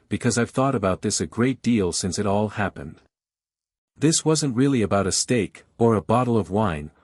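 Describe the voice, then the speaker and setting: Older male narrator, low-pitched, measured and reflective, dry close sound. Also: a little mellow, breathy edge, dry recording. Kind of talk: scripted first-person story narration.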